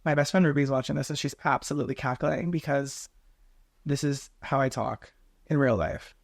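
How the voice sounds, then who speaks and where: A young man from Tennessee chatting alone in his bedroom, rambling quickly and stumbling over his words. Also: mid-range voice, steady tone, creaky. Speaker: podcast host. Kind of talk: solo casual chat to camera.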